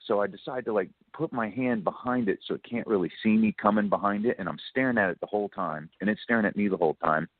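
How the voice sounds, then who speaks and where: A chatty man calls in to a radio show and spins a long story, acting out every line of dialogue and breaking into laughter. His voice sits fairly low and sounds dry and tinny, as if squeezed through a phone line. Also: fast talker, hardly any pauses, no room sound. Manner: chatty, animated storyteller who acts out quotes and laughs often. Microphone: telephone.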